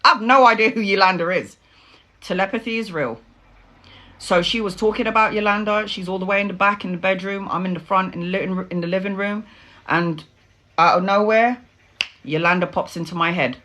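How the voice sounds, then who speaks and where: A middle-aged woman, a tarot reader telling stories in casual, animated chat and swearing freely. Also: medium pitch, brisk.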